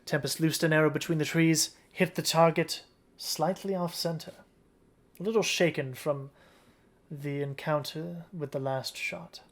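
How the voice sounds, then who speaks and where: A game master narrating a tabletop game in a relaxed storytelling manner. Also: mid-range voice, measured pace. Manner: relaxed storytelling, with occasional restarts.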